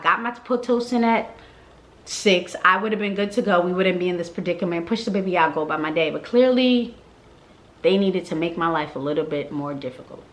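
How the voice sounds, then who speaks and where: A young woman telling her birth story in casual vlog style, acting out the people she quotes. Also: fairly low pitch.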